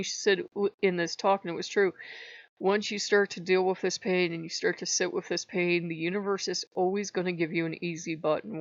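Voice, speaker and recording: A woman's voice: lowish voice, fairly bright tone, dry recording. A woman talking candidly in a personal vlog, having just cried, swearing freely and laughing as she tells it. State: after crying. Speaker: channel host. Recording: muffled dry homemade mic.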